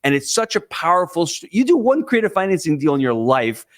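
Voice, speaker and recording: A man speaking as a guest on a podcast, giving investing advice in an emphatic, excitable, coaching way. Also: fairly high pitch, fairly quick, no echo, clean studio sound. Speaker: guest real estate investor. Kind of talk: podcast interview.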